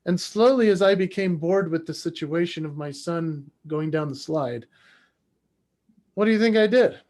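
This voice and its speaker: A podcast guest in his forties, a man with a high voice. He tells a personal story with energy and acts out the people in it. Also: moderate pace, darkish tone.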